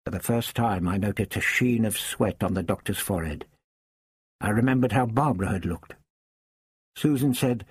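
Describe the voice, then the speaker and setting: A man reading a first-person story aloud in a measured, understated way. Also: on the low side, slightly rough, no room sound, clean studio sound. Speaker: audiobook narrator.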